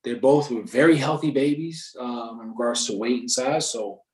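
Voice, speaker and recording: A young man telling a story in casual chat, animated and slangy, swearing freely. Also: medium pitch, moderate pace, roomy sound.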